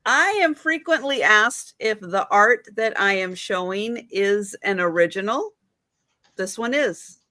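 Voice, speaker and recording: A woman presenting items on a live vintage sale stream, explaining each piece plainly. She speaks slowly at an everyday pitch, recorded dry. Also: lively intonation, sharp tone, dry recording, rough recording. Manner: slow, explaining and correcting pronunciation.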